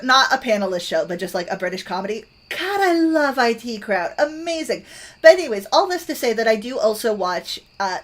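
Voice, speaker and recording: A young woman talks casually to her stream audience. She is chatty and rambling, circling back with restarts, fillers and easy laughs. The delivery is loose and conversational, like a streamer filling time between topics. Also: mid-range voice. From Canada.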